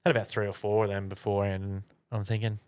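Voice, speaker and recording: A man's voice: fairly low pitch, level tone, fast talker, darkish tone, smooth. Sweary man telling a story. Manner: swears a lot, rambling anecdote. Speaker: podcast co-host. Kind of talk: casual storytelling chat.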